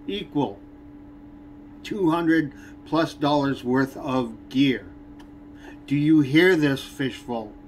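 A fishing channel host unboxes items in a vlog, speaking slowly with many hesitant pauses. His slightly high voice sounds irritated and complaining, with a faint background hum behind it.

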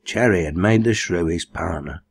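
A man's voice: low-pitched, moderate pace, vocal fry, slightly rough. A man reading a novel aloud as an audiobook, raising his voice for the dialect dialogue. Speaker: audiobook reader. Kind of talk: scripted narration.

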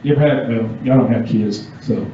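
A man's voice: medium pitch, brisk, warm tone, a little hiss or hum. Man preaching in an echoey church room. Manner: casual, asks the audience questions. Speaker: youth pastor. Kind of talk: youth sermon with scripture reading. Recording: echoey dull room sound from far off.

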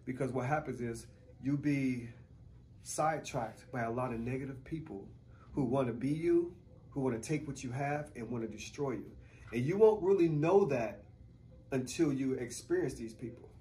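A man talking casually as a guest in a radio interview, an animated storyteller who uses street slang and laughs easily. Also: mid-range voice, normal speed, slight background noise. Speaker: guest choreographer.

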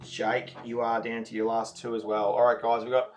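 A man's voice: medium pitch, monotone, normal speed. Laid-back man calling a raffle. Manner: chatty, apologetic, laid-back, calls names one by one. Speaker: raffle host. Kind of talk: casual live raffle draw. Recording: noisy home recording.

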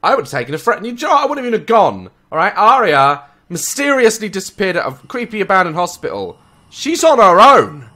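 A young English man giving jokey, swearing commentary while playing a horror game, with loud startled yelps. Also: sits high, very animated, fast talker, hardly any pauses. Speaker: gaming YouTuber. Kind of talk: let's play commentary.

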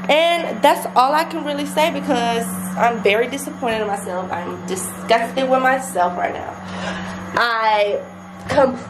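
A young woman vlogging to camera at home, venting frankly with heavy swearing. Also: a little high. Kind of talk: casual vlog rant to camera. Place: indoors at home. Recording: echoey room with clear background noise.

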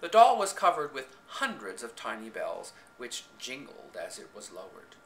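Expressive man reading a story aloud. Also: mid-range voice, normal speed. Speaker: reader. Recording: echoey room, home camcorder.

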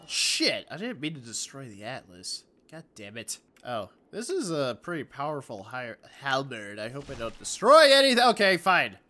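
A young man giving profane, jokey commentary while playing a game, with loud reactive outbursts. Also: medium pitch, wildly swooping pitch, normal speed, few pauses. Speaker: let's play gamer. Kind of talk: gameplay commentary.

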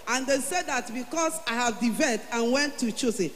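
A Nigerian woman giving an emotional church testimony, growing fervent and loud as she declares her prayers. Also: fairly high pitch, normal speed. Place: large church hall. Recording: echoey church hall, faint hum.

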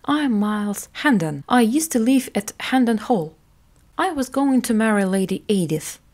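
A woman's voice: medium pitch, darkish tone. A woman doing a kind, brave soldier.

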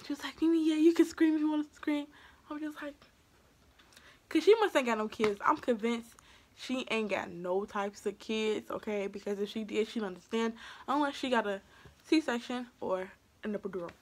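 A young woman tells a personal story to her vlog viewers. She is casual and animated, acting out the people in the story and swinging from near-whispers to loud outbursts. Her voice sits somewhat high. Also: moderate pace, slight background noise. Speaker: vlogger.

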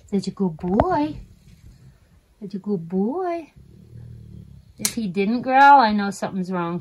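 A woman host talking casually to viewers while trimming her dogs' nails, coaxing them with soft praise. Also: medium pitch, background noise. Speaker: alpaca farmer and channel host. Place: indoors with the dogs on a farm.

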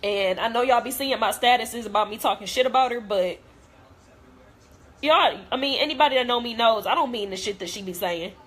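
Young woman vlogger, husky and raw, venting hurt bluntly with plenty of swearing. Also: on the high side, fairly quick. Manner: blunt, profane, hurt and heartfelt. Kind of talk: emotional rant to camera.

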